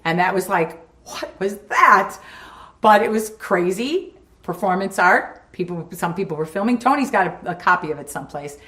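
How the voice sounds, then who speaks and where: Bright-voiced woman telling a lively anecdote. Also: fairly low pitch, fairly quick, reverberant. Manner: lively, acts out quoted voices. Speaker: interviewee recalling a studio incident. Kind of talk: anecdotal storytelling.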